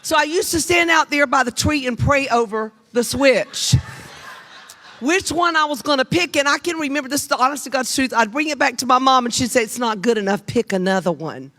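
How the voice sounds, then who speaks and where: An older woman preaching a Mother's Day sermon in church, humorous and lively, calling on the congregation to answer back. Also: high-pitched, a little fast. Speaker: guest preacher. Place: church sanctuary.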